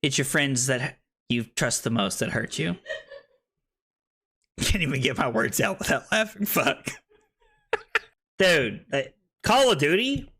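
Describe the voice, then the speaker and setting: Male streamer, tipsy, loud, swears a lot; very animated delivery with a bright edge. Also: on the high side, takes it slowly, long pauses, husky. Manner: loud, swearing, jokey, often laughing. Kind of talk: casual live-stream chat. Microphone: streaming microphone.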